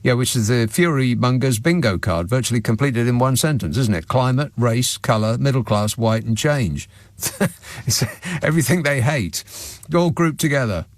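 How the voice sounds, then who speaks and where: A man's voice: medium pitch, expressive, moderate pace, dry recording. A man hosting a radio phone-in, talking in a dry, sardonic way from a studio microphone. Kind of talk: talk radio monologue and phone-in.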